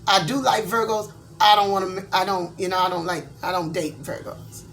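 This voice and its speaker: Speaking at a normal speed with hardly any pauses, this Georgia-born, middle-aged tarot reader has a mid-range voice and fairly even intonation. Her casual vlog chat is blunt, candid, and rambling, full of fillers, with music playing behind her.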